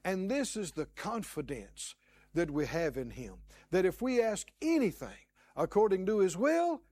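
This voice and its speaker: A man's voice: high voice, a little mellow, no room sound. A man preaching a sermon, emphatic, repeating key words and acting out the prayers he quotes.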